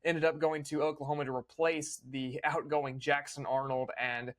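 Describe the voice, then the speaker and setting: A young man hosting a casual recap, opinionated and fluent, with quick small restarts. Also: a little high, little pitch movement, fairly bright tone. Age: young adult. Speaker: host.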